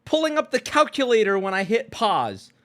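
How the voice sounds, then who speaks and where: Male streamer, rambling and profane, lively swooping voice, a touch high, casual chat. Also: normal speed, over music. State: jet-lagged. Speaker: streamer host.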